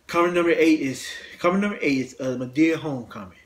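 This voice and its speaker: Male host, fairly high voice, stumbling and repetitive delivery, blunt and profane. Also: a little hiss or hum. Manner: halting, many restarts and repeated words, blunt cursing. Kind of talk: casual movie rant.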